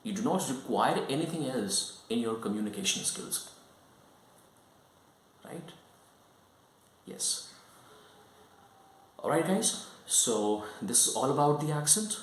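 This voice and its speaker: A man's voice: medium pitch, very animated, slow, long pauses. Man teaching English in a roomy echo. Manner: explanatory, keeps checking in with "right?" and "okay?". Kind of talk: online English lesson.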